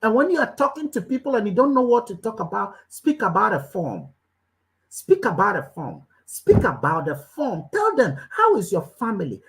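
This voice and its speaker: A woman's voice: mid-range voice, a bit bright, rough recording. Woman preaching business tips, says everything twice or more, voice jumps up and down a lot. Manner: emphatic, repeats short commands again and again; preachy, questioning the listeners directly. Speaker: business coach. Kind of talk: motivational business talk.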